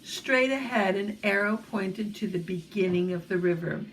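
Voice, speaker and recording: A woman reading a children's chapter book aloud, gentle and storytelling, with asides to young listeners. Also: medium pitch, moderate pace, slight background noise, low-quality recording.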